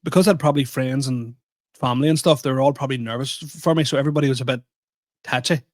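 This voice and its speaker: A man's voice: medium pitch, rapid-fire, no room sound, studio quality. A young man co-hosting a podcast, telling stories in a rambling, self-deprecating way with lots of restarts. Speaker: podcast co-host and comedian. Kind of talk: casual chat.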